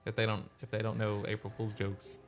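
A man's voice: on the low side, monotone, brisk, over music. A man hosting a casual gaming podcast, rambling and laughing often. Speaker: podcast host. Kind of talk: casual chat.

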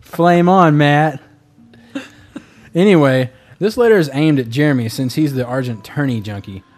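A man's voice: fairly high pitch, moderate pace, darkish tone. A man co-hosting a podcast, rambling and joking as he reads listener emails in casual chat.

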